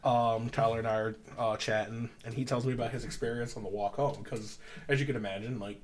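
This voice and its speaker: A man's voice: mid-range voice, fairly even intonation, a little fast, a little hiss or hum. Young man rambling through a profane story. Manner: rambling, profane, filler-heavy. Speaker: podcast host. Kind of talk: casual chat, storytelling.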